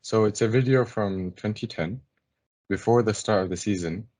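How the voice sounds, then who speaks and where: A young man co-hosting a casual sports podcast, telling stories in an animated way with fillers. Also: fairly low pitch, normal speed. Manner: animated storyteller, mimicking laughter. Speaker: podcast co-host.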